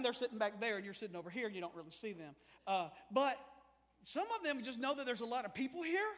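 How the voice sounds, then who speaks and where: A man preaching a sermon in a church, animated and swinging from quiet to loud. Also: extremely high pitch, in a large hall. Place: church sanctuary.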